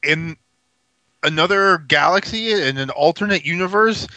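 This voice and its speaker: Male podcast co-host, high and bright, slow and laid-back, swears freely. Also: lively intonation, no room sound, dull audio. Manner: laid-back, profane storytelling. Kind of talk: casual chat.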